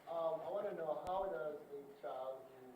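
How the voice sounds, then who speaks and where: A man in the audience asking a hesitant, halting question. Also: a little high, background noise. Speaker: audience member. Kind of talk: question from the floor. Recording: distant, echoey hall mic.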